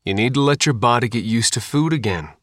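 Man reading as a calm practical doctor. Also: medium pitch, brisk, no echo, studio quality, natural voice. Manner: matter-of-fact.

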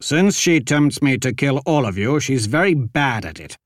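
An audiobook narrator voicing Ashok, a stern young warrior who speaks in clipped, restrained tones. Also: male voice, mid-range voice, expressive, normal speed, dry recording, clean studio sound, close to an everyday voice. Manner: clipped, restrained, through gritted teeth.

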